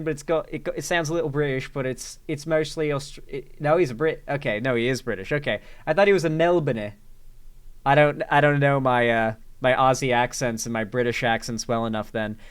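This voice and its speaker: A man's voice: fairly high pitch, fairly even intonation, fairly quick, clean tone. A man hosting casual reaction commentary in a sarcastic, rambling way. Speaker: commentary host.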